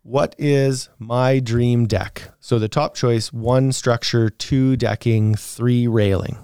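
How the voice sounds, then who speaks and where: A man's voice: medium pitch, fairly even intonation, takes it slowly, warm tone, clear, resonant tone, no room sound, studio quality. A man co-hosting a podcast, answering listener questions in a casual, rambling way with fillers and laughs.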